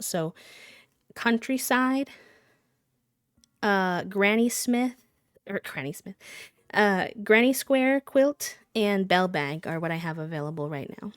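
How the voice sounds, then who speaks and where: A woman's voice: lowish voice, clear, resonant tone, no room sound. Playful woman streamer, dry close sound. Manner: playful, chatty, sing-song countdowns. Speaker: live streamer. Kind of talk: casual live-stream chat.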